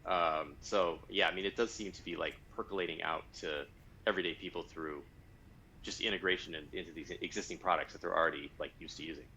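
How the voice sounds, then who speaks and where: A man's voice: sits low, fairly even intonation, fast talker, sharp tone, slight background noise, rough recording. A man co-hosting a podcast, talking casually in a rambling way with many fillers. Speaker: podcast co-host.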